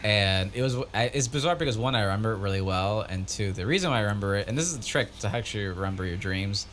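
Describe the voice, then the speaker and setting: A man's voice: fairly low pitch, fast, slight background noise. A man co-hosting a podcast in casual chat, telling stories and acting out the voices of the people in them. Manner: animated storyteller, acts out quoted voices. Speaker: podcast co-host.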